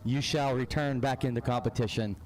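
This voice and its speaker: A man putting on the voice of a solemn priest granting forgiveness, speaking slowly and gravely in a joking way. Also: mid-range voice, steady tone, a little mellow, voice pushed down, close to an everyday voice, poor audio. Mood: mock solemn.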